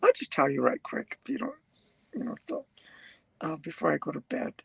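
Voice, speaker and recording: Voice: mid-range voice, very animated, fairly quick, creaky, a bit bright, breathy edge, no echo, poor audio. A truck driver talking casually to viewers on a live stream, rambling, reading comments aloud and laughing often.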